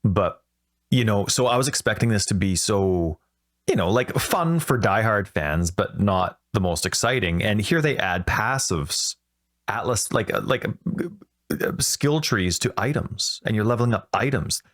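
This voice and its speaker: A man hosting a gaming podcast, talking in a rambling, excitable way and often correcting himself mid-sentence. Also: lowish voice, a little slow. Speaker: podcast host. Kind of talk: casual podcast chat.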